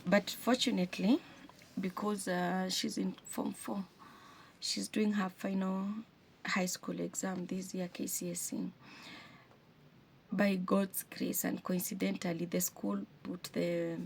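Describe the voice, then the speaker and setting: A Kenyan woman in her forties talking to camera in a chatty, heartfelt way, often pausing and correcting herself. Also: fairly low pitch, creaky, a little hiss or hum. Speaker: vlogger, single and foster mom. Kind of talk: casual talk to camera.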